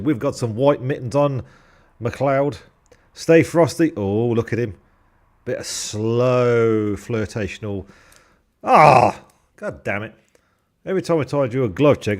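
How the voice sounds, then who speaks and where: A man's voice: mid-range voice, darkish tone. A young man commentating a sim race on a live stream, chatty and jokey, with casual swearing and thanks to subscribers.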